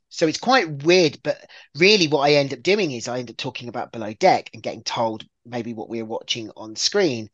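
Lively, stammering male podcast guest. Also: mid-range voice, no room sound. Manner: lively storyteller, stammers and restarts. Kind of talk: casual podcast chat.

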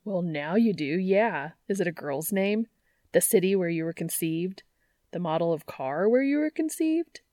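A woman's voice: fairly low pitch, lively intonation, moderate pace, mellow, no echo, clean studio sound, natural voice. A woman reading fiction aloud and voicing a cocky, playful young man with teasing banter.

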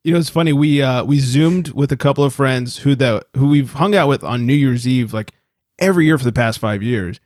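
Male podcast co-host, mid-pitched, profane and animated, dry close mic. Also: a little fast, dry recording. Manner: profane, animated storyteller acting out quotes. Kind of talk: casual chat.

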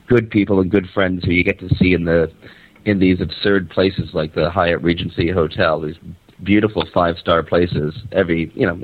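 A man hosting a radio show, phoning in from a hotel conference center, rambling and animated as he tells a story and swears casually. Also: deep voice, dry recording. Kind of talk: casual phoned-in radio chat. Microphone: phone. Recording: tinny, dry phone line.

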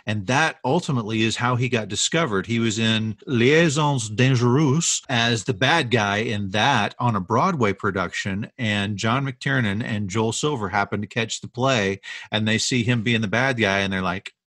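A man's voice: fairly low pitch, normal speed, fairly bright tone, no echo, clean studio sound. A man co-hosting a casual talk show, telling movie history stories in a chatty, rambling way. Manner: chatty storyteller with restarts and asides. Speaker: podcast co-host.

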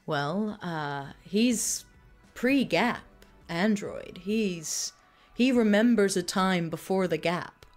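A woman's voice: medium pitch, lively intonation, slow pace, faint music behind. A woman voicing a glamorous, flirtatious alien woman bartender who calls people darling in a sweet, teasing way. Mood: gossipy.

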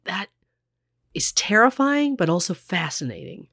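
A woman's voice: fairly low pitch, wildly swooping pitch, a little slow, fairly bright tone, slightly rough, dry recording. A woman co-hosting a casual true crime podcast, chatty, full of fillers and acted-out quotes, close to the mic. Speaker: podcast co-host.

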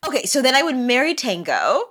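A woman's voice: high voice, very animated, fairly quick, fairly bright tone, husky. A woman co-hosting a podcast in casual chat, musing aloud in a wry way. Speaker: podcast co-host.

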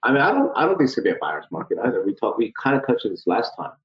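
A man hosting a casual panel chat, relaxed and joking with his guests. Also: medium pitch, racing, reverberant, lo-fi sound. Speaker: host.

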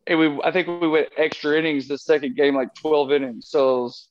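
A man's voice: on the high side, steady tone, a little fast, hardly any pauses, highs cut off. A man as an interview guest, telling a long rambling anecdote and acting out the lines he and others said. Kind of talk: casual storytelling interview.

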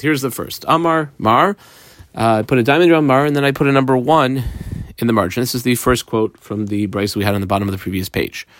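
A man's voice: mid-range voice, fairly bright tone, no room sound, studio quality. A man teaching a Talmud lesson line by line, mixing Hebrew and Aramaic phrases into his English and telling listeners how to mark the text, with some fillers.

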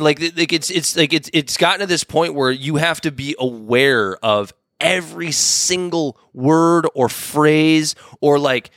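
A man's voice: on the high side, fairly bright tone, no room sound, studio quality. A man in his thirties co-hosting a casual podcast chat, rambling through many restarts and fillers, swearing and laughing as he talks. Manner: profane, laughs often. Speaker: podcast co-host.

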